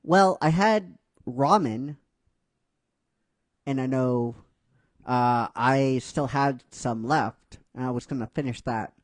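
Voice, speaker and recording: A man voicing a brash, excitable young male ninja who rambles through flustered excuses. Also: mid-range voice, takes it slowly, pauses often, no echo, clean studio sound, close to an everyday voice. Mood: defensive.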